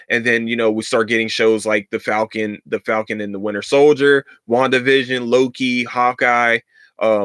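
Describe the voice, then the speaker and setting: A man hosting his own podcast, talking casually and swearing freely into a close, dry microphone. His voice sits at an ordinary middle pitch, and his talk swings from easy chatter into loud, exasperated ranting. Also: dry recording. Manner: profane, rising to loud exasperated outbursts. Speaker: podcast host. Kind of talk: casual solo podcast rant.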